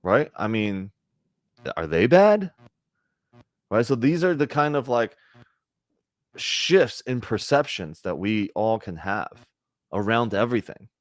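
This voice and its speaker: A man's voice: fairly low pitch, very animated, slow, pauses often, no echo. A man giving a conversational spiritual talk to a group, often checking in with "right?" and acting out little bits of dialogue. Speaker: spiritual teacher.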